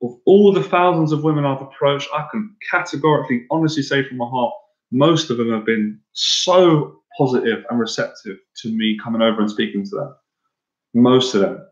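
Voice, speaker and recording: This is a male dating and anxiety coach giving a heartfelt live-stream monologue at a normal pace. His mid-range voice often stumbles into repetition, and the sound is lo-fi, dull and roomy.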